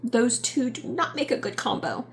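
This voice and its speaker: A middle-aged woman talks to her channel in a slow, reflective vlog, stopping often to gather her words. Her voice sits fairly high with a gravelly fry, and a faint hiss of noise stays under the recording. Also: very animated. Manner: halting, reflective, many ums and pauses. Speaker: YouTube channel host. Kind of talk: personal vlog update.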